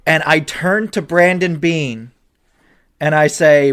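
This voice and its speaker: A young man hosting a casual podcast, ranting with animated outbursts, swearing, and swinging between loud shouts and low muttering. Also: slow pace, clean tone. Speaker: podcast co-host.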